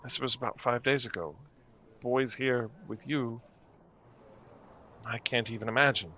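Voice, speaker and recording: A man's voice: medium pitch, fairly even intonation, sharp tone, slight background noise. A man doing a worried craftsman who has lost his husband. He stammers and halts as he pleads for help, in an ordinary mid-range voice. The voice plays out as a character in a tabletop game. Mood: worried, grieving. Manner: halting, stammering.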